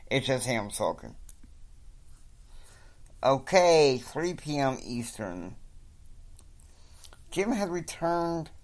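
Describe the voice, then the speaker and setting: A man's voice: mid-range voice, big pitch swings, drawn-out words, long pauses. A man casually reading his own story aloud, with rambling asides. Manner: rambling asides, frequent fillers.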